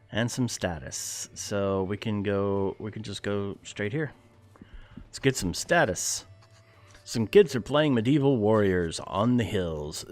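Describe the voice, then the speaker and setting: A man giving casual gameplay commentary, reading game text aloud in an easygoing way and thinking out loud with jokey asides. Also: on the low side. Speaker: let's play gamer.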